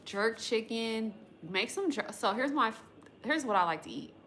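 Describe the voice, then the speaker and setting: Heavy background noise fills this clip of a woman hosting a tarot livestream. Her voice runs on the high side with big pitch swings at a normal speed. Originally from the West Coast of the United States, she chats loosely and slangily with viewers, rambling and cursing casually.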